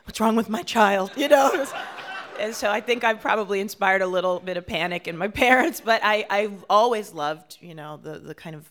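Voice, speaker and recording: A woman's voice: mid-range voice, slight background noise. A woman from Washington, D.C., a performer and playwright, talking animatedly with frequent laughs in an interview. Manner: animated, laughs often, quick asides. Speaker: guest, solo performer and playwright. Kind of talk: interview conversation.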